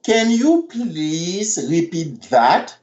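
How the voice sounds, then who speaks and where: Male language teacher on a video call, very slow deliberate delivery, dull muffled sound. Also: high-pitched, very animated, a little mellow, reverberant. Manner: repeats phrases slowly, syllable by syllable. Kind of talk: slow language lesson, modeling pronunciation. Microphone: computer mic on a video call. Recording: dull lo-fi online class audio.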